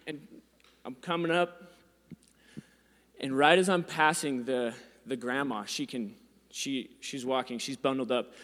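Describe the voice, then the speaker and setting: High-ish guy telling a dad story, animated and self-mocking, long reverb on the voice. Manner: animated, self-deprecating, gets louder and higher when excited. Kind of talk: casual storytelling.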